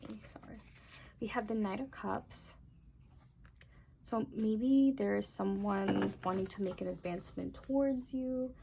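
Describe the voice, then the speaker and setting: A young woman doing a casual tarot reading, talking gently and musing aloud, with soft exclamations as she turns the cards. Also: medium pitch, unhurried, vocal fry, a little hiss or hum. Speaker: tarot reader.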